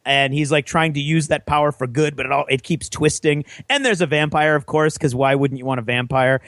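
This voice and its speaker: A man's voice: a little high, brisk, a bit bright, no echo. A man co-hosting a podcast, telling a long story in casual chat with rambling enthusiasm. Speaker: podcast co-host.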